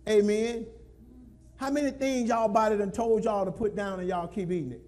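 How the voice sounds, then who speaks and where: A male pastor preaching to his congregation in a strikingly high voice. He scolds and drives his points home through repetition, and now and then breaks into a shout. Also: normal speed. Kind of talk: sermon.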